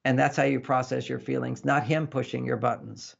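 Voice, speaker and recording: A man, a relationship author, explaining in an interview in an animated way and acting out couples' dialogue. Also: mid-range voice, fairly quick, vocal fry. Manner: animated, acts out couples' dialogue in varied voices. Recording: dull lo-fi sound.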